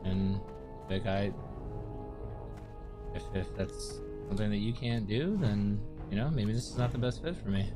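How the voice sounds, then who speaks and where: A man's voice: lowish voice, unhurried, long pauses, music in the background. A man chatting casually on a livestream, blunt and swearing freely. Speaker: streamer.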